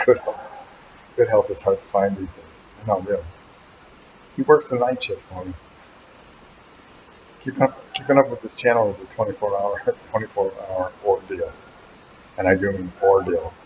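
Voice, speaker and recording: A man's voice: lowish voice, fairly even intonation, normal speed, long pauses, darkish tone, dull audio, a little hiss or hum. A man hosting a casual live Q&A from an animal hospital waiting room, teasing and rambling about his helper. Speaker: channel host.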